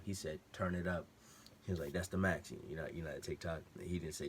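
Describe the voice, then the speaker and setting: A young man telling a personal story in a casual, animated way, full of slang and acted-out quotes. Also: a bass voice, fast talker, slight background noise. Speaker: vlogger.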